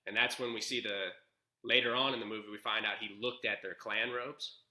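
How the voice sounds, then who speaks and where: A man's voice: on the low side, a little fast, reverberant, rough recording. A man co-hosting a podcast, animatedly retelling film scenes in casual chat. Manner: animated storyteller, acts out lines. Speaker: podcast co-host. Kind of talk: casual movie review chat.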